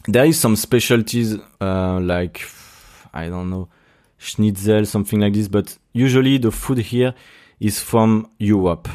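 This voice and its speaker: A young man with a French accent, speaking English as a second language in a casual monologue, halting and searching for words, often restarting and laughing at himself. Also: lowish voice, warm tone. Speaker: podcast host.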